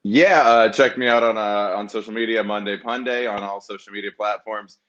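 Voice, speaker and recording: A man's voice: on the low side, steady tone, fairly quick, a bit bright, highs cut off. A man from the American South, a comedian guest in a casual video-call interview, with dry, playful humor.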